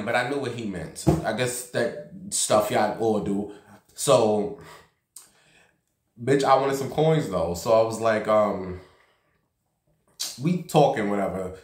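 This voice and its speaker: A man's voice: on the low side, expressive, takes it slowly, pauses often. A man vlogging casually from a basement room at home, telling a gossipy story and acting out the voices of the people in it. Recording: roomy echo.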